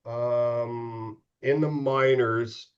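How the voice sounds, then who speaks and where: A man's voice: mid-range voice, steady tone, very slow, clean tone, highs cut off. Profane middle-aged man telling stories. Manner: profane, laughing storyteller with frequent restarts. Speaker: podcast guest, former hockey goalie. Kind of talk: casual storytelling chat.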